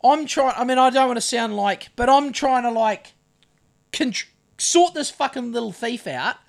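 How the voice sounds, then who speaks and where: A New man tells a story in a high-pitched voice, swearing constantly as he acts out his side of a confrontation. He is a podcast co-host still recovering from covid, and his delivery is loud and lively. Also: normal speed, gravelly. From New Zealand. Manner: profane, animated storyteller acting out his own lines. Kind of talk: casual storytelling chat.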